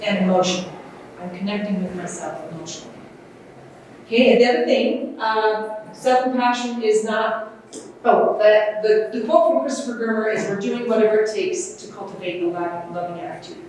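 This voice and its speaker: A woman presenting a workshop at a conference, talking in a gentle, unhurried way with fillers and restarts. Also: medium pitch, far from the mic, a little hiss or hum. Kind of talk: workshop talk on self-compassion. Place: large conference room. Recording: echoey room, voice off-mic, faint ambience.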